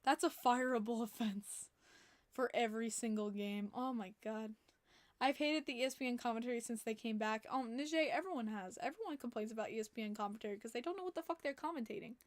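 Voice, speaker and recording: A woman hosting a casual hockey podcast, animated and laughing often, swearing freely. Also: fairly high pitch, fast talker, no room sound. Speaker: podcast host.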